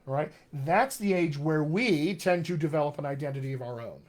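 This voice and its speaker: A man's voice: on the high side, moderate pace. A middle-aged man, a dialect coach, teaching in a live online question-and-answer session, upbeat and encouraging as he speaks straight to his viewers.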